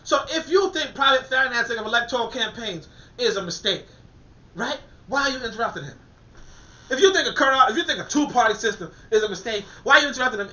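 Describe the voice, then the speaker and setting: In a high, pushed, bright voice, a man reads from a political text and gives emphatic, colloquial commentary, frequently repeating words as he works things out. The recording has an echoey, dull-sounding room.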